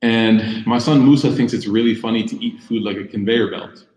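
A young man giving a sermon, telling personal stories lively and acting out the voices in quotes. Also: on the low side, moderate pace. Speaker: Muslim speaker giving a talk. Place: room with audience. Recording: echoey room.

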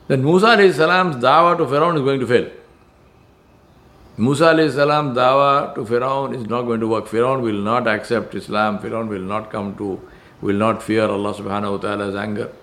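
A man's voice: mid-range voice, normal speed, a bit bright. A man preaching a sermon in an earnest manner, stressing points by repetition and often restarting his phrases.

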